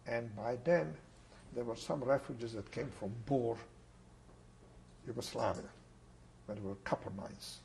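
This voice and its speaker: An older man from Czechoslovakia recounts his wartime survival in an oral history interview. His voice is gravelly and his pitch sits in an ordinary middle range. He speaks unhurriedly with pauses, over a faint background hiss. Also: darkish tone, rough recording. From Ungvar, Czechoslovakia. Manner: unhurried, plain storytelling with pauses.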